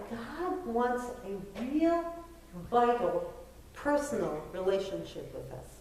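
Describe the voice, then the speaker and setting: A middle-aged woman pastor preaching a sermon in a conversational, self-deprecating way, pressing her points with emphasis. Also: on the high side. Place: church sanctuary. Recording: very echoey church from far off.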